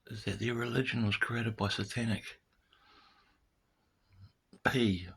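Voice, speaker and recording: A man's voice: fairly low pitch, fairly even intonation, takes it slowly, gravelly, pauses often, fairly bright tone, husky. A man talking straight to his viewers in a loose, ranting monologue, repeating words and firing off rhetorical questions. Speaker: vlogger. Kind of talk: casual spoken monologue to camera.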